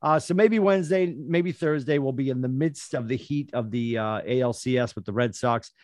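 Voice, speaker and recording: A man's voice: mid-range voice, moderate pace, a little mellow, no echo, studio quality. A man hosting a casual sports podcast, upbeat as he wraps up the show with plugs. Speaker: podcast host.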